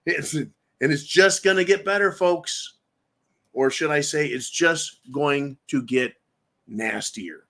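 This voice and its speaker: A man's voice: fairly high pitch, takes it slowly, fairly bright tone. A man hosting a political livestream in a ranting, mocking way with crude insults. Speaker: livestream host.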